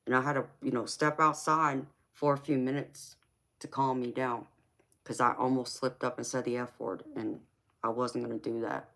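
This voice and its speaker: A woman's voice: extremely low pitch, little pitch movement, normal speed, fairly bright tone. Middle-aged woman, live-stream host, emphatic and passionate, affectionate to chat. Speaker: tarot reader and live streamer.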